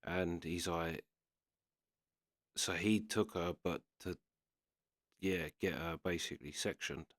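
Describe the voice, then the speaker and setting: Low-voiced man telling a story. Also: slow, pauses often, dry recording, clean studio sound. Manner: retells a story with constant "he's like" quotes. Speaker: reaction video host. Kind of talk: casual storytelling.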